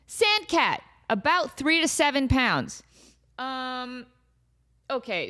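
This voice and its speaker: A woman hosting a casual comedy podcast, animated and laughing often as she riffs and quotes her cat. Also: on the high side. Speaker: podcast host. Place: home in desert valley.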